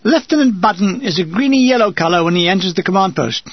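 An older man from England reading a war memoir aloud with a dry, wry comic delivery and a gravelly, husky voice. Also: sits high, lively intonation, fast, no room sound, dull audio. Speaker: narrator.

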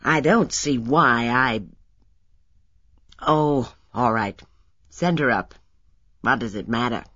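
A woman's voice: rumbling low, takes it slowly, pauses often, fairly bright tone, breathy edge, dry recording, highs cut off, heavily acted. A woman reading an audiobook and voicing a terse, weary grieving man. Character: strained, weary man in grief.

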